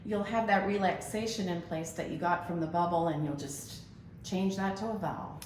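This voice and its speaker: A woman vocal coach calmly explaining breathing and vowel technique to singers. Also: fairly low pitch, moderate pace. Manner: calm, explanatory teaching. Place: large convention hall. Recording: echoey hall, faint noise.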